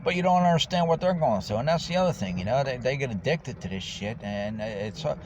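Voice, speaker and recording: A man's voice: medium pitch, lively intonation, brisk, darkish tone. A man who is homeless, talking casually to the camera in a rambling, profane way about his life. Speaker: homeless vlogger. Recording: dull lo-fi with faint noise.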